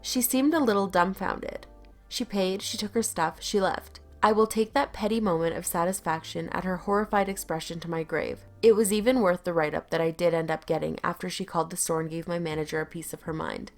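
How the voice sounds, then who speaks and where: A woman's voice: on the low side, fairly quick, soft background music. A young adult woman reading an online story aloud with a wry, storytelling delivery. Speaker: story narrator.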